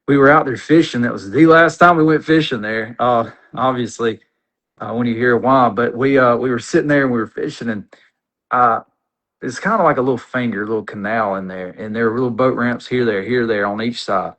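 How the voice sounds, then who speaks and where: A man, a podcast guest telling an animated, rambling, folksy story in casual conversation. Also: mid-range voice, a little fast, low-quality recording.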